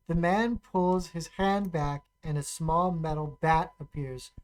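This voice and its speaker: A streamer casually playing a text adventure, reading the story aloud and thinking out loud while typing, often pausing and restarting. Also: mid-range voice, poor audio. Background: keyboard typing and clicks.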